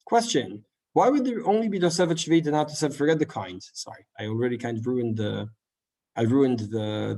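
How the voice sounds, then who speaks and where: Man giving a Talmud lecture, slightly higher voice, animated, asks rhetorical questions. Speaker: Torah teacher.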